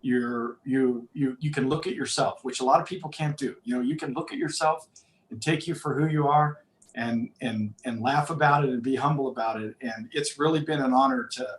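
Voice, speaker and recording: A man's voice: mid-range voice, a little fast. Earnest man in an echoey room. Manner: earnest, leans on "you know". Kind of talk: radio interview. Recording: roomy echo.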